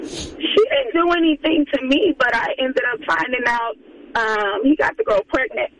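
Hoarse high-voiced woman caller. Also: very animated, moderate pace, a bit bright, slight background noise, low-quality recording. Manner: blunt, emphatic advice. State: hoarse, losing her voice. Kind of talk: radio call-in.

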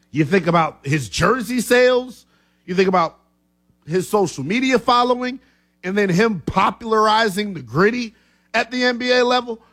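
Animated sports radio host, man. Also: sits high. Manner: lively, animated, coughing fits.

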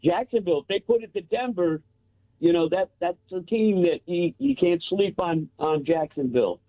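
A man phoning in to a sports radio show, excited and laughing, talking in casual slang. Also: sits high, moderate pace, no room sound. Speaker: caller. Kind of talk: excited phone-in call. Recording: tinny phone line, dry.

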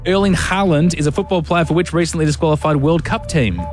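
An Australian man hosts a radio show with a playful, teasing edge. His voice sits slightly higher than most men's, and a faint music bed runs underneath. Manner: teasing, quick-fire and playful. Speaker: radio host. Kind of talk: radio banter and quiz hosting.

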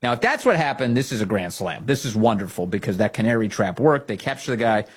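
A man's voice: fairly low pitch, sing-song, fast talker, slightly rough. A man hosting a political commentary show, talking casually with a sarcastic, incredulous edge.

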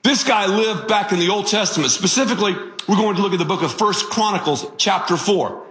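A man preaching a sermon as pastor, telling stories in an animated, joking way. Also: high voice, brisk, echoey room.

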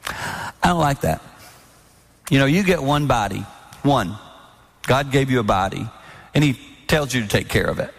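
Man in his sixties, sermon on marriage, lively storytelling, echoing hall. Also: mid-range voice, moderate pace, gravelly, long pauses. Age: 60s. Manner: animated storytelling with mimicked voices. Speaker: speaker at a marriage event. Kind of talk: sermon-style talk on marriage. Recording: long hall reverb.

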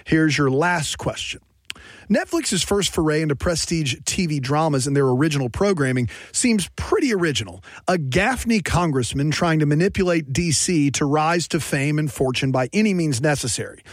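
A man's voice: a little high, lively intonation, moderate pace, no room sound. A man hosting a trivia game, reading questions and chatting with upbeat energy. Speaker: quiz host. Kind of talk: quiz hosting.

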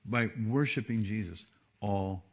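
A man preaching a sermon as a pastor, with animated delivery that swings between soft asides and emphatic peaks. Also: fairly low pitch, measured pace. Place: church service.

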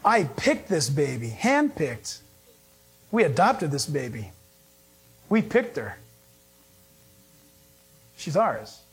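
A woman's voice: low-pitched, big pitch swings, takes it slowly, pauses often, breathy edge, soft background music, voice pushed down, heavily acted. A man voicing a proud, firm adoptive mother.

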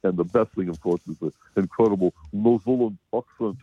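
A man's voice: fairly low pitch, fairly quick, husky, dry recording. An American man giving a rambling, laughing film review on a community radio show. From United States. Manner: rambling, laughs often, many fillers. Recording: tinny phone line.

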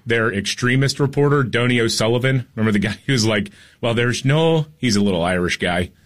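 Low-voiced heated male radio pundit. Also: a bit bright. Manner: heated, sarcastic, quick to mock. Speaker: radio talk show co-host. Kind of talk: opinionated talk radio commentary. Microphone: studio microphone.

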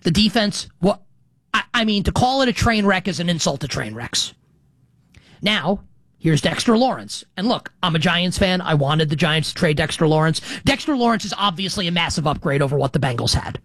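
A man's voice: high voice, expressive, normal speed, fairly bright tone, dry recording. Rambling middle-aged man hosting sports talk. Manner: rambling, self-correcting, conversational. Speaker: sports betting show host. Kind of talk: casual sports talk monologue.

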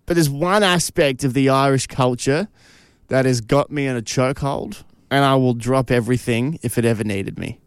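A man's voice: mid-range voice, normal speed, clear, resonant tone, no echo, studio quality. A man co-hosting a radio show, chatting eagerly and laughing often. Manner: enthusiastic, animated, laughs often. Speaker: radio co-host. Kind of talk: casual radio banter. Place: radio studio.

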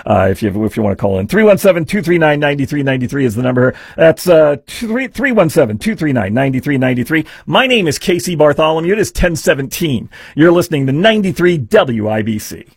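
A man's voice: on the high side, big pitch swings, fast, hardly any pauses, slightly rough, no room sound. A man hosting a talk radio show, telling a rambling story full of fillers into a studio microphone. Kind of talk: casual talk radio monologue.

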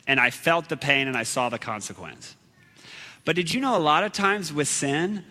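Male preacher, high lively voice, animated storyteller, long hall reverb. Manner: animated, dramatic storytelling with sudden shouts. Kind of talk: storytelling sermon.

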